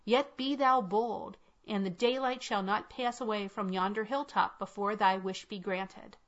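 A woman voicing an aged, withered crone who speaks low and drawn out, secretive and commanding. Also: fairly even intonation, a little slow, a bit bright, lightly acted. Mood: hushed. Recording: dull lo-fi recording.

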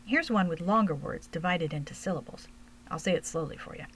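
A woman reading aloud as a forward, quick-witted young gnome boy who rambles eagerly through his storybook riddles. The voice sits fairly low and even. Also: a little hiss or hum, poor audio. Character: young male gnome, cocky chatterbox.

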